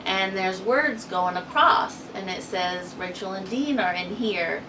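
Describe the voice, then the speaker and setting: A woman's voice: medium pitch, unhurried. A woman co-hosting a casual TV recap, chatty and giggly, acting out quotes as she tells the story. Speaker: co-host of a TV recap channel. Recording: distant mic with noisy background.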